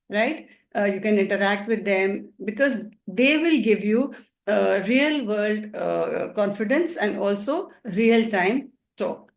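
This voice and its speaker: A woman's voice: mid-range voice, vocal fry. Hindi-speaking woman teaching in an echoey room. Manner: encouraging, repeats words, many uh fillers. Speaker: English teacher. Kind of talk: spoken-English lesson.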